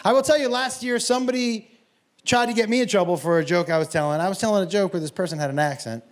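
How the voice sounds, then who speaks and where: A man performing a stand-up comedy set, telling an animated story and acting out the people in it. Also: high voice, fast talker.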